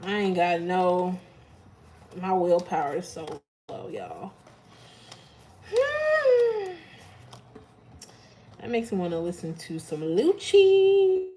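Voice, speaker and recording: A woman's voice: on the low side, wildly swooping pitch, slow, long pauses, mellow, slight background noise, rough recording. A woman hosting a live tarot stream, chatting casually with her viewers and laughing often.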